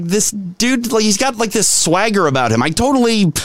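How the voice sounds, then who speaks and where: A man's voice: sits high, lively intonation, normal speed, few pauses, no echo. A man with a Minnesotan accent co-hosting a casual sports podcast, rambling through fillers and restarts. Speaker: podcast co-host.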